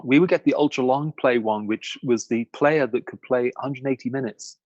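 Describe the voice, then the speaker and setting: A man chatting casually as a podcast co-host, rambling through stories with plenty of ums and frequent laughs. His voice sits at an ordinary middle pitch. It is recorded dry and close, with no room sound. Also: moderate pace, a little mellow, dry recording, muffled recording. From outside America, lived in Chicago. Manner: rambling, laughs often, many fillers. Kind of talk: casual chat.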